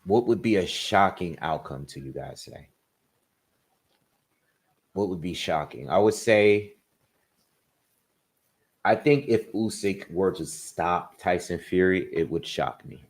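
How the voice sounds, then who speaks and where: A man with a low-pitched voice hosts a casual boxing livestream, reading out where his viewers are from in quick bursts. He thinks aloud as he gives his predictions.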